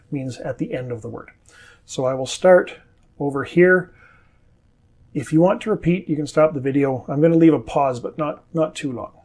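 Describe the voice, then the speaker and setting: A man with a standard North American accent gives an English pronunciation lesson. He says each model word slowly and carefully, then explains it. His voice is a touch husky and sits a little high for a man. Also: a little mellow. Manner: slow, carefully enunciated model words.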